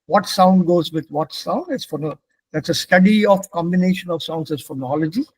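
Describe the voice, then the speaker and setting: A man's voice: high-pitched, moderate pace, a little mellow, husky, dry recording. A middle-aged man, patiently explaining German pronunciation rules to a class step by step.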